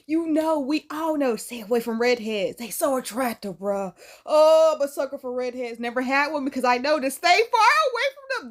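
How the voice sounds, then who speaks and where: A woman hosting a reaction video, chatting casually in a loud, laughing, slangy way. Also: sits high, animated, normal speed. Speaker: YouTube reaction host.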